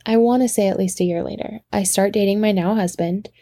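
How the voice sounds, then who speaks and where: A woman tells a casual story in a gravelly, mellow voice, animated and quick to laugh. She swears freely as she addresses her listeners. The sound is close and dry. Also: mid-range voice, no echo.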